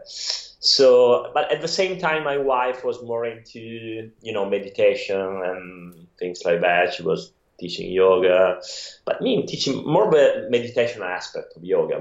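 A man's voice: lowish voice, expressive, a little slow. Italian man chatting, echoey dull sound. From Italy. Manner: rambling, many restarts and laughs. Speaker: guest photographer. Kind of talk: casual interview chat.

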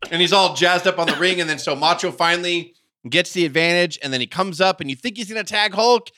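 A man retelling a story in casual podcast chat, animated and acting out what people said. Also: fairly high pitch, fast, no echo, clean studio sound.

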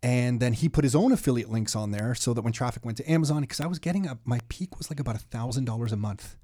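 A Canadian man hosts a relaxed interview show. He tells stories animatedly and laughs easily along the way. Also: medium pitch, fast. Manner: animated storyteller, laughs often. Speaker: show host. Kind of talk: casual interview chat.

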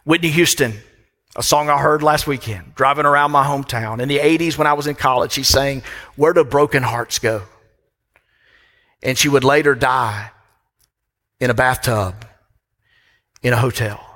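Man, middle-aged pastor, emphatic sermon delivery, repeats key phrases, forceful tone, long church reverb. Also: mid-range voice, moderate pace, long pauses. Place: church sanctuary.

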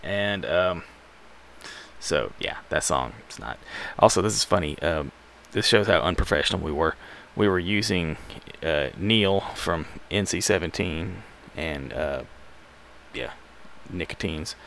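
A man's voice: sits low, measured pace, gravelly, fairly bright tone, a little hiss or hum. A man from Alabama, hosting a music show in a rambling, laid-back, self-deprecating way. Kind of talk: casual radio show chat.

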